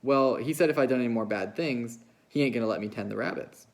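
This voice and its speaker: A man doing a slow, childlike giant of a farmhand, gravelly and plaintive. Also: medium pitch, natural voice. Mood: sullen. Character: big slow-witted childlike ranch hand, gentle and fretful. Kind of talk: novel read aloud.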